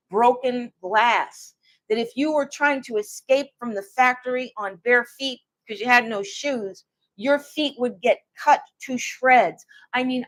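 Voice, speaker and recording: A woman recounting her own hard experiences in a personal, emotional way, with halting restarts. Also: on the high side, fairly bright tone. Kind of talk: personal account to camera.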